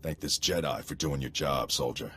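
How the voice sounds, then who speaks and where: A man's voice: very deep voice, normal speed, fairly bright tone, slight background noise. A man voicing a stern army sergeant in a video game, giving curt commands. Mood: commanding. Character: stern male army sergeant, squad leader.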